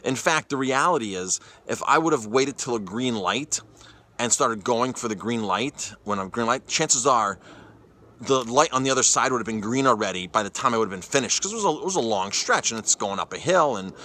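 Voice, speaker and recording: A man telling a personal story in a casual vlog, animated, often stumbling over and repeating his words. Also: mid-range voice, fairly quick. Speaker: chef and cyclist vlogger.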